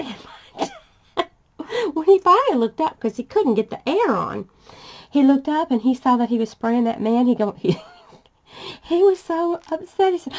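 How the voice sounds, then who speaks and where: Chatty older woman with gravelly voice. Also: high-pitched, animated, moderate pace, a little mellow. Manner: chatty, laughs often while telling family stories. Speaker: vlogger. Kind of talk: casual storytelling while crafting.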